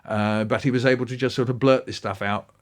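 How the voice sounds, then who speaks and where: A man guesting on a podcast spins stories in an animated style, pitch bouncing up and down. He talks briskly.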